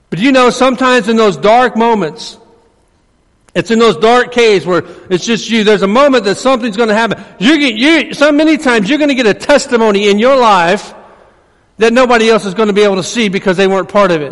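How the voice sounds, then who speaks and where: A man preaching a sermon as pastor, swinging between emphatic preaching and hushed asides. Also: high voice, brisk. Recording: long reverb of a large hall.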